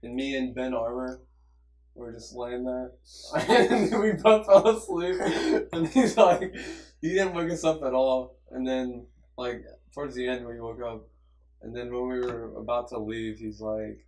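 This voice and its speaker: A teenage boy chats casually with friends, spinning a rambling story and breaking into laughter often. His pitch sits in an ordinary middle range. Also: unhurried, a little mellow, reverberant, far from the mic. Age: teens. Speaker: student. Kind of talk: casual chat among friends.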